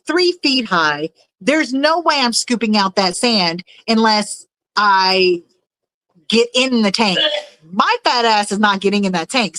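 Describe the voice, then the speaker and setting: A woman's voice: on the high side, fairly bright tone, no room sound, poor audio. Rambling woman on a livestream, dry mic. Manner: rambling, reads chat aloud, searches for words. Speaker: livestream host. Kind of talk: casual livestream chat.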